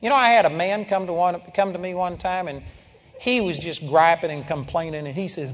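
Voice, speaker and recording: A man's voice: high-pitched, brisk. Storytelling preacher man in a reverberant hall. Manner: storytelling preacher, quotes people in dialogue, rising emphatic swells. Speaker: pastor. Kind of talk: sermon.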